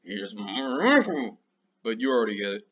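A man rants through his own political commentary show, swearing freely and leaning hard on each point. He speaks slowly, his voice bright and tense. The recording sounds dull and lo-fi, like a home setup. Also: medium pitch, big pitch swings. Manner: ranting, profane, emphatic; slow and drawn out. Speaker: show host.

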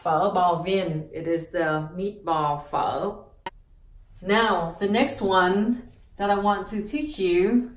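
A woman teaching pronunciation, sounding out each syllable slowly and repeating words. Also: on the low side, steady tone, reverberant, distant mic. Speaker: language teacher. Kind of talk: slow pronunciation lesson.

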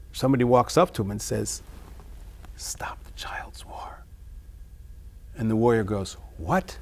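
A man discussing his own song lyrics in an interview, reading lines and then explaining them in a musing, halting way. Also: mid-range voice. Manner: halting, many restarts. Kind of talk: reflective interview talk.

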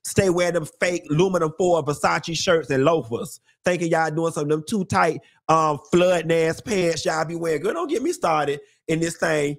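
A slightly high-pitched man with an African American Vernacular English accent hosts a live stream and rants without a filter. He sounds a little tipsy, sassy and profane, and he stretches his words and repeats his punchlines for emphasis. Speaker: host of a live commentary stream. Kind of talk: unfiltered casual rant.

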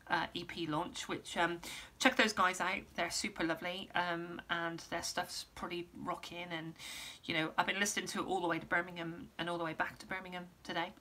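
A woman with a bright but fairly low-pitched voice rambles through a casual vlog update as a musician sharing news. She keeps saying um and restarting, and she's losing her voice, pausing to clear her throat.

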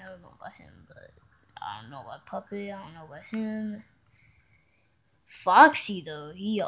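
A woman's voice: a little high, big pitch swings, slow pace, pauses often. A woman giving casual, giggly gameplay commentary while chatting to the animals in her game.

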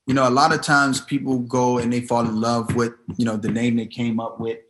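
A man's voice: medium pitch, flat delivery, a little fast, fairly bright tone. A man hosting a casual business talk, giving advice in an emphatic style and repeating himself for emphasis. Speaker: host.

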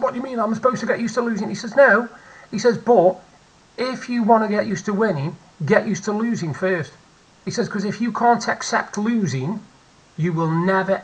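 British guy in his 40s rambling through a story at home, kinda husky, bright edge to it. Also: high voice, rough recording. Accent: British English. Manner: chatty, candid, repeats phrases for emphasis. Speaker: vlogger. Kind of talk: personal storytelling vlog. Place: at home, seated.

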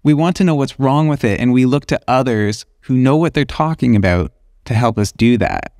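An illustrator hosting his own podcast talks through his ideas in a thoughtful, conversational solo reflection. His medium-pitched voice is animated and a little mellow, at normal speed, with clean studio sound and no echo.

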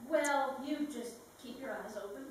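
An actress playing a spirited young Southern heiress in a live stage comedy, speaking with indignant emphasis. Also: female voice, sits high, a little slow, slight background noise. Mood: tender. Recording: echoey theater stage from far off.

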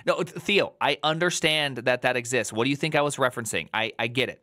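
A male streamer rattles off live reaction commentary with a bright, edgy tone. He swings between quick rants and slow, stretched-out emphasis, staying lively throughout. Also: mid-range voice, dry recording, clean studio sound.

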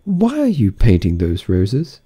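A man's voice: lowish voice, huge pitch swings, unhurried, warm tone, husky, exaggerated voice. A man reading an audiobook, raising his voice to play a timid, polite young girl.

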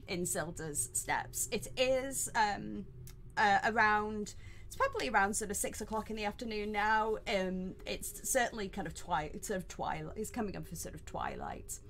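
Woman DM, headset mic, filler-heavy halting narration, mid pitch, faint noise. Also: low-quality recording. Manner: halting, many fillers and restarts. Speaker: dungeon master. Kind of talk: narrating a tabletop game.

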